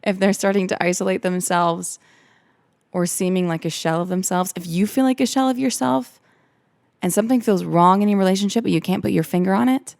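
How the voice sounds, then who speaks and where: A woman's voice: lowish voice, fairly quick, vocal fry, a little mellow, no room sound, clean studio sound. A young woman hosting a podcast, telling her own story in an earnest, candid way and repeating phrases for emphasis. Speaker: podcast host.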